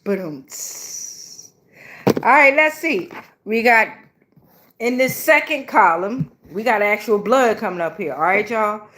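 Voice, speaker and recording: A woman's voice: on the high side, animated, a little slow, fairly bright tone. Profane, fired-up woman tarot reader. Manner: blunt, profane, emotional, slangy. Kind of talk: casual tarot reading.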